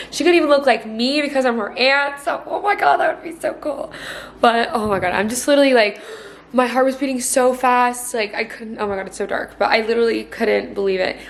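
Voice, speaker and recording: Chatting to her camera indoors at home, a bubbly vlogger in her twenties talks casually, leaning heavily on "like" and other fillers. Her voice runs on the high side, with slight background noise.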